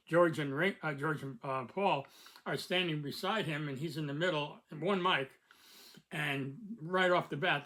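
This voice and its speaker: A man's voice: fairly high pitch, sharp tone, rough recording. An older man from the United States, hosting a casual review talk and rambling with many fillers and restarts. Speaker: host.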